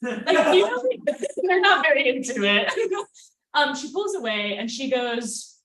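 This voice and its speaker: A woman's voice: high-pitched, very animated, measured pace, fairly bright tone. A woman telling a self-mocking personal story at a live storytelling night, casual and full of fillers. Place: event space with audience. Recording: roomy sound from far off the mic.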